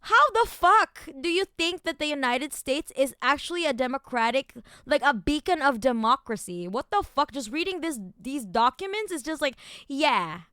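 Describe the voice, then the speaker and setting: A woman streamer reading documents aloud and ranting at them, angry and profane, shifting between low muttered reading and loud outbursts. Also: lively intonation, normal speed, no echo, clean studio sound.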